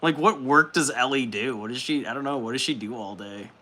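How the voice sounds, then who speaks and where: Bright-voiced young man chatting casually. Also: medium pitch, brisk. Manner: laid-back, swears freely, laughs often. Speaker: livestream host. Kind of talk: casual chat reading viewer comments.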